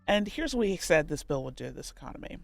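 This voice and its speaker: A woman co-hosting a political podcast in casual, animated chat, getting indignant on key points. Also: deep voice, quick pace, vocal fry, dry recording, faint music behind. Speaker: podcast co-host.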